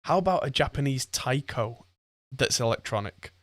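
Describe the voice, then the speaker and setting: A man's voice: medium pitch, lively intonation, normal speed, no echo, clean studio sound. A man hosting a podcast, chatting casually and rambling with frequent laughs. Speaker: podcast host. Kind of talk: casual chat.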